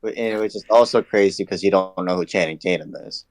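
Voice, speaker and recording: A man's voice: low voice, a little fast, dry recording. A man co-hosting a casual film review chat, laid-back and blunt, swearing now and then. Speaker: podcast co-host.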